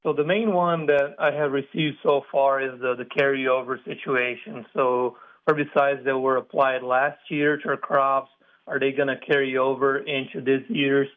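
A man answering as a university extension specialist, in a measured way with fillers, heard over a tinny phone line. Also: mid-range voice, level tone. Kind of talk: interview answer.

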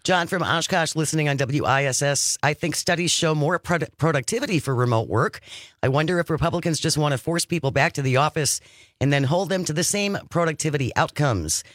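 A man's voice: a little high, fairly quick, fairly bright tone, dry recording. A man co-hosting a casual talk radio show from a studio, reading listener texts aloud in a conversational way.

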